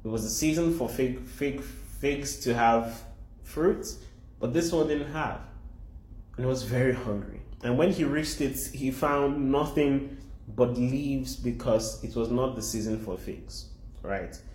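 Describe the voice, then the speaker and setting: A man preaching an animated sermon at a middle pitch, repeating his phrases to drive the point home. The recording is roomy and echoey. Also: unhurried.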